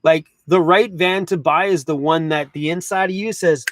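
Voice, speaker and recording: A man's voice: fairly high pitch, steady tone, moderate pace. A man hosting a casual van life livestream, chatty and laid-back, swearing now and then. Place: inside a camper van.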